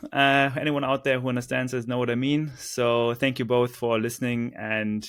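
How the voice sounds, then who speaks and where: A man's voice: mid-range voice, level tone, moderate pace, a bit bright, smooth. A man co-hosting a podcast, joking a little and then signing off the episode. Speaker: podcast co-host. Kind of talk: casual podcast sign-off.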